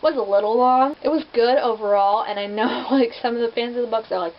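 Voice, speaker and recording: A woman's voice: on the high side, fairly quick. A young woman reviewing movie adaptations in a casual vlog, chatty and rambling, full of "like" fillers. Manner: chatty, rambling, heavy use of "like". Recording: dull lo-fi with faint hiss.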